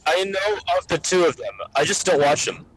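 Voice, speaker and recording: A man's voice: high voice, normal speed, crowd noise, poor audio. Rambling, swearing streamer man. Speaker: livestreamer. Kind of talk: casual gaming stream chat.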